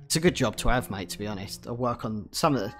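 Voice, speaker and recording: A young southern English man rambles and chats while playing a game, swearing freely and talking in a mid-pitched voice. Faint game music sits behind him. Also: expressive, quick pace, a bit bright. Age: young adult. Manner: rambling, chatty, swears often. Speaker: game streamer. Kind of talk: casual gameplay chatter.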